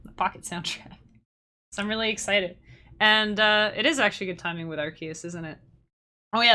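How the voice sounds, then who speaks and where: A woman's voice: medium pitch, bright, forceful tone. A woman streamer and musician chatting casually with her viewers, rambling and restarting her sentences, laughing often. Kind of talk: casual livestream chat with viewers.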